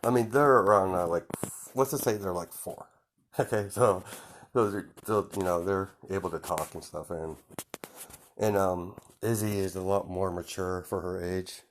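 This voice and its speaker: Man, deep voice, improvised story, rambling, filler-heavy. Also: fairly even intonation, measured pace, a little hiss or hum. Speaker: fan story narrator.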